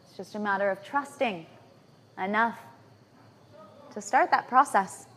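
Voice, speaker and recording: A woman's voice: mid-range voice, a bit bright. Female lecturer, mid-range voice, conversational teaching style, peppers points with "right?" and "yeah?". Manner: checks in with listeners with frequent tag questions. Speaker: natural hygienist giving a lecture. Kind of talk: lecture to a live audience. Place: lecture venue in Bali.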